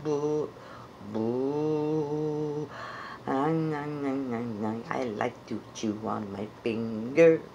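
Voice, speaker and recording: A woman's voice: extremely low pitch, noisy background, heavily acted. A woman voicing a shy blue furry puppet creature, unsure and playful as she searches for its voice in improvised comedy.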